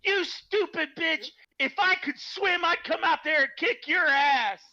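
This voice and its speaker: A woman's voice: very high-pitched, unhurried, pushed and bright, no echo, dull audio, pitched above the performer's own voice, full character voice. A man voicing an angry, foul-mouthed blonde woman driver in a joke he is telling. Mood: shouting scorn. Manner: ranting, indignant.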